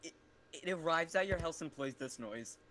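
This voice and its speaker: A man chatting on a gaming call, excitable and quick to interrupt. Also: a little high. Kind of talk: casual gaming chat. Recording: crowd noise behind.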